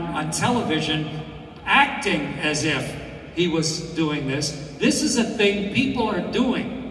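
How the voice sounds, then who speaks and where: A man's voice: sits high, fairly bright tone, a little hiss or hum. Earnest man in his sixties speaking in a hall. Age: 60s. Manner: earnest storytelling with restarts. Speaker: graduation speaker. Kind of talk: commencement speech. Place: large hall. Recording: echoey hall from far off.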